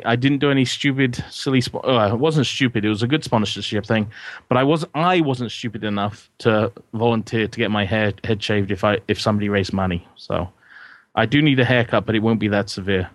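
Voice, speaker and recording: Male guest, mid-pitched, chatty and rambling, dry close mic. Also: steady tone, a little fast, no echo. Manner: chatty, rambling with restarts and jokes. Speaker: guest consultant. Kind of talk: casual podcast chat.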